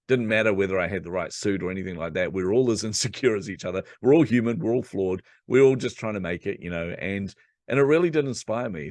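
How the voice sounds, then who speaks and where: A man with a low, deep voice tells a personal story at a quick clip, a podcast guest who slips into acting out his own thoughts. The sound is dry and close, with no room around it. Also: no echo. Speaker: podcast guest, coach and speaker.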